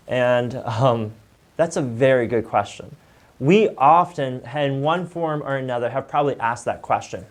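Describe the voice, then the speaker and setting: A man's voice: mid-range voice, animated, moderate pace. A man teaching an online Bible lesson review in a conversational way, with frequent fillers. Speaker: church teacher.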